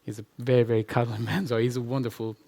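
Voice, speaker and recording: A man speaks at a live conference, hammering points with repetition. His voice sits in a middle pitch, and he laughs easily as he answers questions. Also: little pitch movement, fast talker, vocal fry, mellow. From Albania. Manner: emphatic, repetitive, laughs often. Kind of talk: conference talk and Q&A. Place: conference hall with live audience.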